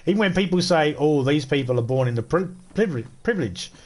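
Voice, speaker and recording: A man's voice: on the high side, lively intonation, fast, darkish tone. A middle-aged Australian man streaming a game, ranting bluntly and swearing in casual chat. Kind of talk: casual rant while streaming.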